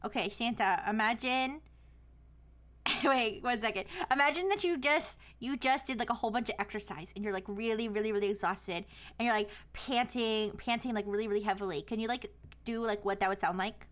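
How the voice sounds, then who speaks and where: A woman's voice: fairly high pitch, fairly quick, a bit bright. A young woman streamer chatting casually, with a lot of "like" fillers. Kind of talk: casual chat.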